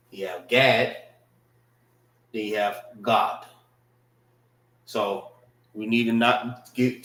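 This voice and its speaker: Slow-teaching man in echoey room. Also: mid-range voice, a bit bright. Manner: unhurried, repeats words to drill pronunciation. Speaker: class teacher.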